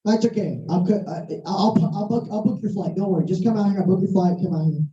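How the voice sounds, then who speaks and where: A hoarse preacher voicing an easygoing, joking male friend who reassures a companion, with a relaxed, bantering delivery. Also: high-pitched, fast talker, soft background music, lightly acted. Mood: reassuring. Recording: roomy, distant, dull sound.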